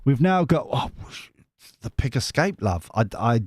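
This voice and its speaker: A man's voice: medium pitch, big pitch swings, measured pace, a little mellow, no room sound, clean studio sound. A man hosting a casual tarot live stream, chatty and giggly with lots of restarts.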